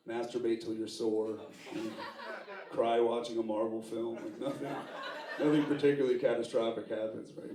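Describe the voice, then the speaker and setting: A man from the United States doing a live stand-up comedy set, talking loosely and profanely with quick asides to the audience. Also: medium pitch, dark tone. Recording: roomy stage sound, distant mic, audience laughing.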